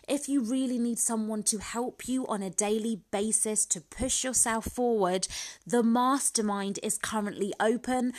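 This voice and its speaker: A woman's voice: a little high, darkish tone. A woman hosting a casual motivational podcast from her living room, chatty and upbeat, often laughing and asking "guess what". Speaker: podcast host, business coach.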